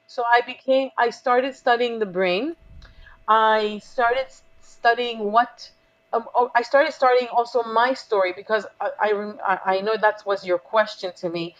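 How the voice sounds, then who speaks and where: A woman's voice: fairly high pitch, steady tone, measured pace, muffled recording. A woman business coach, a guest in an interview, telling a personal story with feeling and acting out the dialogue she quotes.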